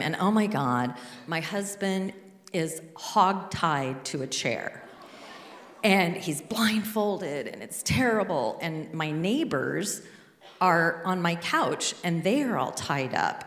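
A woman from Alaska telling a true story on stage with a handheld mic, dramatically acting out the people in it. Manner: dramatic, quotes husband in a high panicked voice. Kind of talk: live storytelling. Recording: echoey hall.

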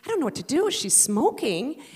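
An exasperated father pleads that nothing works on his teenager, as a woman storyteller quotes him. The voice stays high and swings widely. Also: sing-song, a little fast, darkish tone, breathy edge, long reverb tail, full character voice. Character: worried father, a doctor at his wits' end.

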